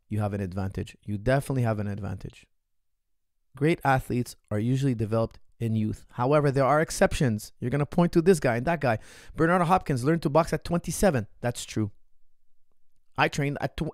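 A man's voice: mid-range voice, darkish tone, no echo. Male martial arts coach, Q&A talk, emphatic and repetitive, dry close recording. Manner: emphatic, repeats himself for stress. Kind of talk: Q&A talk to viewers.

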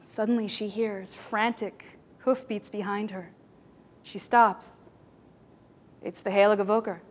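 A woman speaking to an audience from a stage, telling stories with strong feeling. Her voice sits at a middle pitch and swings from forceful to nearly whispered. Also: steady tone, slow. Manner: dramatic, emotional, swings between loud and hushed. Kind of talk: storytelling talk on stage.

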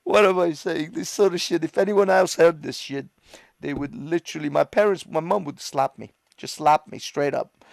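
A man's voice: on the high side, moderate pace, gravelly, no room sound. A man hosting a livestream with a London accent, ranting in casual commentary, swearing and laughing often in a mocking way. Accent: London English. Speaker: livestream host.

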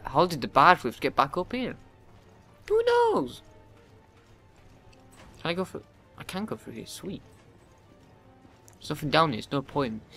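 Male let's player, foul-mouthed and frustrated, highish animated voice. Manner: profane, yells at the game in frustration. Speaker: let's play gamer. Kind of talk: gameplay commentary.

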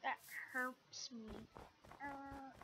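A woman's voice: high voice, level tone, extremely slow. A woman hosting a gameplay video, commenting as she plays with frequent startled exclamations. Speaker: gaming video host. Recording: loud background noise.

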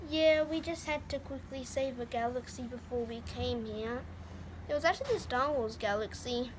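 A woman's voice: fairly high pitch, moderate pace, background noise. A woman telling a casual toy-play story, rambling with fillers and restarts. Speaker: narrator of a toy show.

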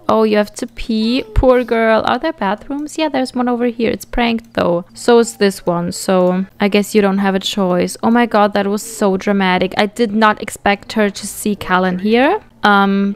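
A woman hosting a let's play, giving casual, rambling and excitable commentary as she plays. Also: mid-range voice, normal speed, clean tone.

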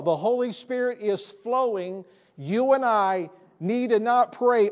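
High-voiced preaching man. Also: slow pace, a little mellow. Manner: emphatic preaching, repeating key phrases. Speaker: pastor. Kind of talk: sermon. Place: church sanctuary.

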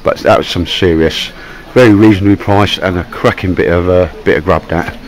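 Deep-voiced Cockney man, chatty vlog. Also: a little fast, poor audio. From London. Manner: chatty, joking, rambling with filler words. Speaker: vlogger. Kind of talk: casual vlog chat to camera.

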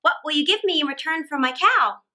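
A woman voicing a poor young boy who speaks quickly and eagerly in a storybook reading. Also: sits high, expressive, bright, forceful tone, full character voice.

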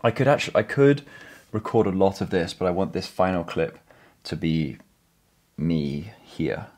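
A man's voice: sits low, measured pace, a little mellow. A man vlogging from his small home office, thinking aloud and rambling with self-corrections. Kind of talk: casual vlog talk.

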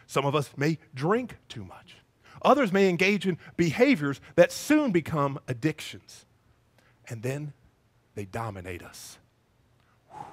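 A male pastor preaching a sermon, telling stories in a lively way and acting out the voices of the people in them. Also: fairly high pitch, slightly rough. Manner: lively storytelling, acts out voices.

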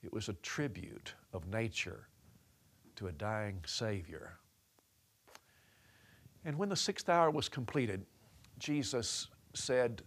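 A man's voice: lowish voice, expressive, slow, long pauses, fairly bright tone, husky. A man preaching a sermon as a story, talking with many restarts and changing his voice for quoted lines.

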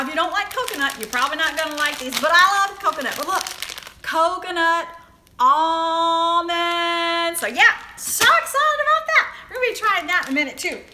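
A woman's voice: sits high, sharp tone, slight background noise. A middle-aged woman with a Southern US accent hosting a casual livestream chat, chatty and greeting viewers by name. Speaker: livestream host. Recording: echoey room.

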